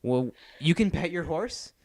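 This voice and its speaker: A man's voice: a little high, lively intonation, unhurried, darkish tone, no room sound. A young man co-hosting a casual podcast, rambling enthusiastically about a video game with plenty of fillers. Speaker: podcast co-host. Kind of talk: casual chat.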